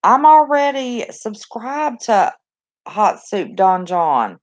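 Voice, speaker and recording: A chatty, excitable woman with a Southern West Virginia accent, hosting a casual live chat from a cluttered bedroom on a phone. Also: mid-range voice, takes it slowly. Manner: chatty, excitable, talks to viewers and reacts to the chat. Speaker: live stream host.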